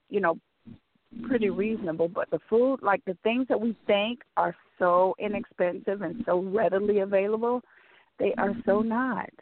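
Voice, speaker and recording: A woman's voice: medium pitch, no room sound. A woman co-hosting live talk radio, chatty and effusive, stretching out words for emphasis. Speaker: radio show co-host. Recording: phone-like call-in line.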